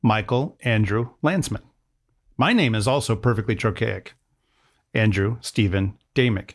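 A man's voice: lowish voice, a little slow. A man co-hosting a podcast, explaining things in a nerdy, playful way during casual chat. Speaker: podcast co-host.

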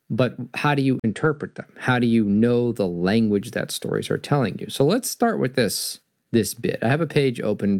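A man hosting a show about storytelling, reading a children's book aloud and talking through what it means. His voice is gravelly and swings widely in pitch. The recording is dry, with little room sound. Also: dry recording. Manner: animated, restarting storyteller. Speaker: host. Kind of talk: reading and discussing stories on a podcast.

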